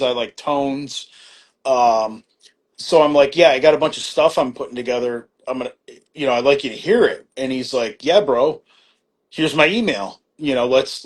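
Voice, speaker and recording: Middle-aged man, mid-pitched and relaxed, telling a loose, filler-heavy story as a podcast guest with casual swearing. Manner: rambling, many fillers and restarts, acts out quoted exchanges; laid-back, swears casually.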